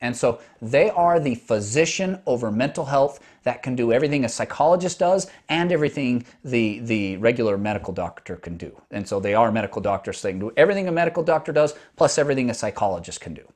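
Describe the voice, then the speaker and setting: Male podcast host, doctor, mid-pitched and animated, explains conversationally with restarts. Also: quick pace, hardly any pauses.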